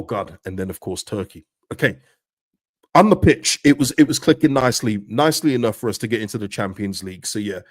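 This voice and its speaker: A middle-aged man hosting a casual livestream, chatting to viewers in a lively way and often calling them "people". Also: on the low side, no room sound, studio quality. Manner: chatty, animated, repeats words and addresses viewers as "people". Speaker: host of a fan livestream reading chat.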